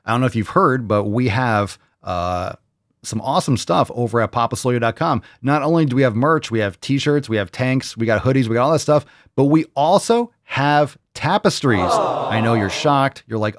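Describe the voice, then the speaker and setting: A man's voice: medium pitch, animated, moderate pace, no room sound, studio quality. A man hosting a fitness podcast, talking bluntly with plenty of swearing and a mock-salesy streak. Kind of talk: casual podcast monologue.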